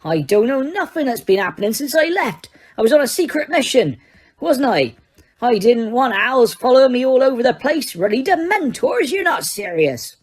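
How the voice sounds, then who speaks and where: A huge bearded gamekeeper with blunt, dialect-heavy talk, as a woman reads him in a storybook audiobook. The voice sits higher and louder than her plain narration. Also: very animated, normal speed. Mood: gruff. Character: huge gruff bearded gamekeeper man, secretive.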